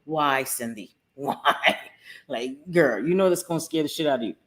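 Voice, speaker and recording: A woman's voice: extremely low pitch, normal speed, a bit bright. A middle-aged woman hosting a casual livestream from her home, talking to viewers by name and cursing freely. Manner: chatty, swears freely, talks to viewers by name. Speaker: livestream host.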